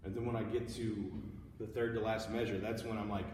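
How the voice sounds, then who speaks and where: A music teacher gives a casual, upbeat instrument tutorial, explaining how to play a passage. His fairly low voice is brisk and level, recorded from a distance in an echoey room with heavy background noise.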